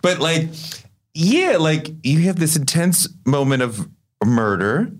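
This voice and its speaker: A man hosting a podcast interview, asking questions in a playful, expressive way. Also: a little high, takes it slowly. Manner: expressive, playful, mimics voices. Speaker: podcast host. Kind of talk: conversational interview.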